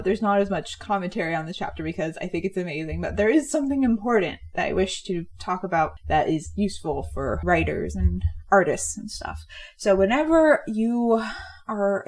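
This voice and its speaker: A young woman chatting casually about her own comic. She talks in an animated, giggly way, with a mid-height voice. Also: mid-range voice, fairly quick. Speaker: comic artist, video creator. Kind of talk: casual commentary.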